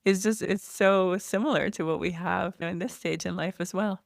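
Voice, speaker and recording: A woman in her forties who founded an online store is a guest in a casual podcast interview, explaining things chattily with light laughs. Her voice is on the low side and creaky, steady in tone at a moderate pace, recorded in studio quality with no room sound.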